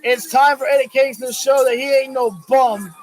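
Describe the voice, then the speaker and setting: A man hosting a wrestling livestream who talks casually to his chat, rambling and excitable with lots of fillers, and is losing his voice. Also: extremely high pitch, normal speed, faint music behind. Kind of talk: casual live commentary to chat.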